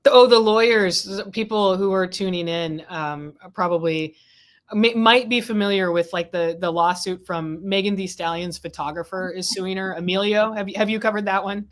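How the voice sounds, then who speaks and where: This woman's medium-pitched voice stays steady at a moderate pace. She hosts a casual, rambling conversation about a court trial over a video call, chatting freely and restarting often as a legal affairs host.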